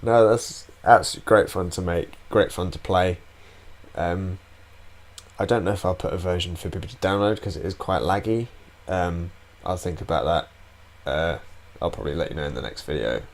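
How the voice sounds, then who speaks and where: A young man hosting his own gaming channel, rambling chattily while playing and shouting curses at the game. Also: sits low, normal speed. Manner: swears and yells at the game; chatty and rambling between outbursts. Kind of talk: gameplay commentary.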